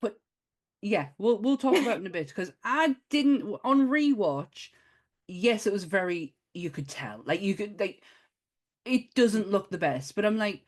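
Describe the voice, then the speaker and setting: A Northern English woman co-hosting a chatty film podcast. Her pitch swings widely as she talks, she laughs often, and she speeds through the scripted parts. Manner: lively, laughs often, reads intros quickly. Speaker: podcast co-host. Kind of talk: casual chat.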